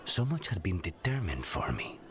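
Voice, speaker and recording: Lucanis, a brooding assassin. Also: male voice, low voice, very animated, normal speed, fairly bright tone, slight background noise. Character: brooding male assassin companion, grave. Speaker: game companion character. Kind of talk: video game dialogue. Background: game music.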